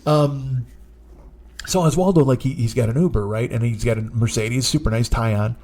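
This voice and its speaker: A man's voice: medium pitch, moderate pace, a little mellow. A man in his forties, a comedian hosting his own podcast, telling a rambling, profane story. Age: 40s. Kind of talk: comic storytelling monologue.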